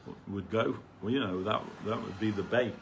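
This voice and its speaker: A man's voice: on the low side, normal speed, vocal fry, background noise. A man giving an informal spiritual talk at a temple gathering, rambling conversationally and peppering his stories with "you know".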